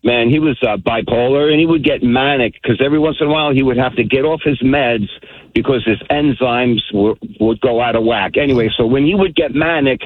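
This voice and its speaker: A man's voice: medium pitch, a little fast, dry recording. A man calling in to a radio show and casually telling a family story. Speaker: caller. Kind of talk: call-in radio talk. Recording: tinny phone line.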